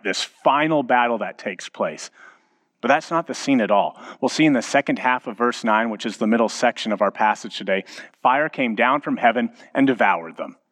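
A man in his thirties, a pastor preaching a sermon with animated storytelling, dramatic pauses and strong emphasis. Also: lowish voice.

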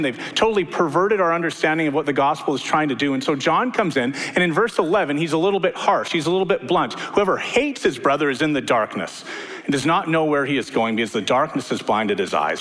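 A man in his thirties preaching to a congregation in a church sanctuary. His voice rises and falls in wide, lively arcs as he tells stories. The sound carries a long reverb from the hall. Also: on the high side, fairly quick. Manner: animated storytelling preacher, swinging between loud and hushed. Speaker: pastor. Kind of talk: sermon.

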